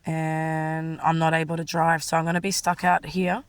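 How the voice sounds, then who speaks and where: A woman's voice: low voice, monotone, normal speed, smooth, no echo. An Australian woman giving a rambling, distressed, frank personal monologue. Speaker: vlogger.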